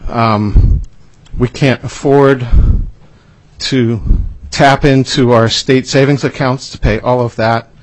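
A man, a deputy commissioner of a state revenue agency, giving measured, formal testimony to a legislative committee with some fillers and repeated words. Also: medium pitch, steady tone.

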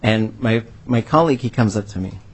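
Husky low-voiced man telling a story. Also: brisk. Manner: earnest, heartfelt storytelling. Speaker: language educator on a panel. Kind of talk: storytelling answer in a panel discussion.

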